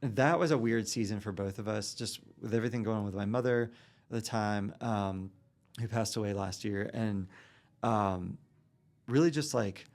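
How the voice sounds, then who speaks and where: A man's voice: on the low side, moderate pace, a little mellow. A man around forty, a podcast guest talking casually with lots of fillers and restarts. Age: about 40. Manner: rambling, many fillers and restarts. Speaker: guest, real estate broker.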